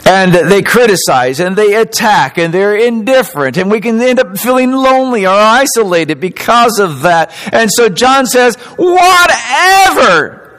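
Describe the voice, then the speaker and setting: A male pastor preaching with a high, very lively voice that swoops up and down. He presses hard on his main points and draws them out slowly. His delivery is animated and emphatic. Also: rough recording. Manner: animated preaching, emphatic and slowed on key phrases. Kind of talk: sermon.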